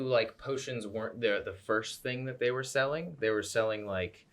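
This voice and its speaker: A young man runs a tabletop game, rambling along with plenty of fillers. His voice is low-set yet bright and forceful, heard through a home mic on a voice call. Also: normal speed, hardly any pauses. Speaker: game master.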